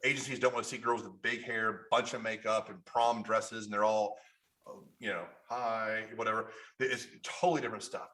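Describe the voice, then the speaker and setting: A man's voice: lowish voice, moderate pace. A man from Kentucky with a Kentucky accent, a photographer telling stories as a podcast guest, restarting sentences and acting out what people said. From Kentucky, USA. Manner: animated storyteller, restarts often, acts out quotes. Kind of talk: casual interview chat.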